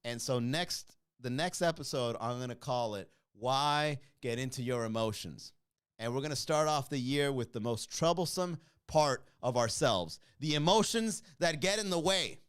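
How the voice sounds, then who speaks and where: Man, comedy podcast host, lively swinging pitch, clear smooth voice, teasing casual chat. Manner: animated, teasing, quick to laugh. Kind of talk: casual livestream chat, reading comments.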